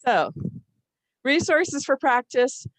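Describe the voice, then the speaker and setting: A woman's voice: high voice, expressive, takes it slowly, no echo. A woman literacy instructor leading a live workshop, explaining patiently and demonstrating word stress aloud. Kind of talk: live online workshop teaching.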